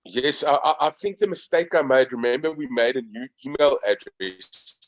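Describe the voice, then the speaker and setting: A man with a South African accent speaking on a video call, halting and repeating words as he starts his sentences. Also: medium pitch, expressive, highs cut off. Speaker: webinar participant. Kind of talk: casual video call chat.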